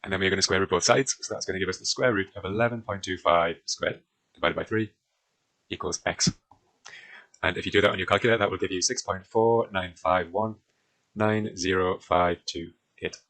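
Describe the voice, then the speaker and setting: A man's voice: low voice, steady tone, fairly quick, fairly bright tone, low-quality recording. A man with a British accent talking through a maths exam question as a tutor, often using fillers while he draws on a diagram. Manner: talks while drawing, with frequent fillers. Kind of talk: exam walkthrough lesson.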